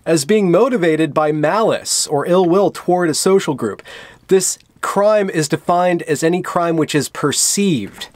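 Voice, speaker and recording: A man with a slightly higher voice reads news text aloud and cuts in with dry, sardonic asides. He keeps a sarcastic commentary tone throughout. The recording is dry and close, with no room sound. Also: expressive, unhurried, no room sound. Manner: dry, sardonic asides between read-out quotes. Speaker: commentary vlogger.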